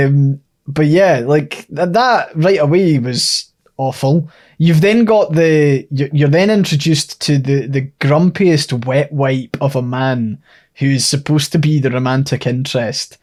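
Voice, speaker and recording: Sweary, ranting man with a higher voice. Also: slow, a little mellow. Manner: ranting, swears freely, sarcastic. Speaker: podcast co-host. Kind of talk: casual chat, film review.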